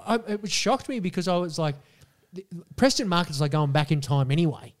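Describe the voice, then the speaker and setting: Aussie bloke cohosting a podcast, crude animated yarns, bit high-pitched. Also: male voice, brisk. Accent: Australian. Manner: crude, animated storyteller, acts out voices loudly. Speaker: podcast co-host. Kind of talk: casual chat.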